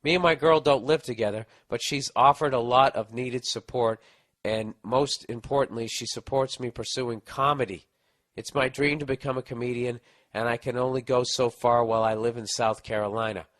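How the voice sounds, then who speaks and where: Profane, rambling podcast host. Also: male voice, medium pitch, steady tone, moderate pace, a bit bright. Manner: profane, sarcastic, rambling storyteller. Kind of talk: casual podcast rant, reading a listener letter.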